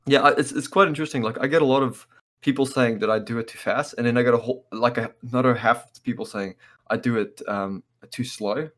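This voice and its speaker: Fast-talking man in casual chat. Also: medium pitch, fairly even intonation, fairly bright tone. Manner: quick, chatty, with frequent laughs. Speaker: Blender tutorial creator.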